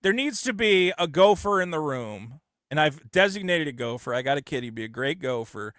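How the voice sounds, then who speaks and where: A man's voice: on the high side, very animated, a little fast, fairly bright tone, no echo, clean studio sound. A man hosting a podcast in casual, blunt, profane chat, often mocking others in exaggerated voices. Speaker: podcast host.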